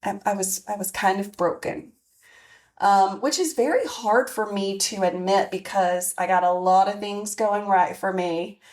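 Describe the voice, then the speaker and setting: A woman's voice: medium pitch, measured pace, a little mellow. A woman in her forties hosting a podcast, talking candidly and reflectively with many fillers and restarts. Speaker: podcast host. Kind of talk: personal monologue.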